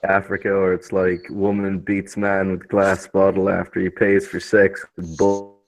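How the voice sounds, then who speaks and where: A man on a livestream panel throwing in crude, deadpan remarks. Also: sits low, unhurried, soft background music, poor audio. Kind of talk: casual livestream chat.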